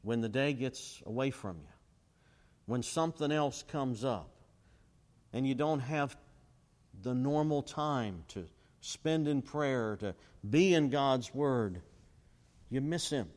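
A middle-aged man preaching a sermon, asking the crowd questions and swinging between loud and quiet. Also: expressive, slow, long pauses. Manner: call-and-response questions, dramatic swings in pitch and volume. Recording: long hall reverb.

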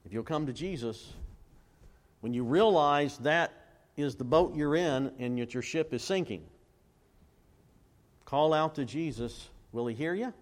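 A man's voice: a little high, expressive. A man preaching a sermon, quoting scripture and repeatedly asking the congregation to fill in words. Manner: call-and-response questions to the congregation; quotes scripture and recites hymn lyrics slowly. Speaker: pastor.

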